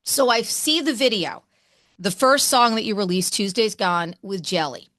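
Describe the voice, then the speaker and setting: A woman radio host chatting with a guest in a gushing, excitable way, talking fast in bursts. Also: medium pitch, no room sound, studio quality. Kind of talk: enthusiastic interview chat.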